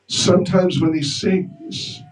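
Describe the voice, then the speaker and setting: A man's voice: high-pitched, steady tone, slow, soft background music. A man giving a storytelling religious class in a temple hall, joking with the audience. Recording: roomy hall, mic far off.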